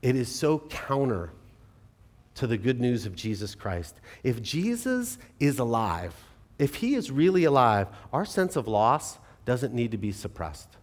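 A man in his forties preaching a sermon as pastor, earnest and conversational, swinging from animated stretches to hushed, quiet ones. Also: mid-range voice, measured pace. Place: church sanctuary. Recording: long reverb of a church hall.

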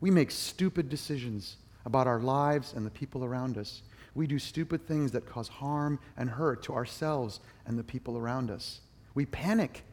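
A middle-aged man preaching a sermon, telling a personal story with animated, emphatic bursts. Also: mid-range voice, moderate pace. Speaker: pastor.

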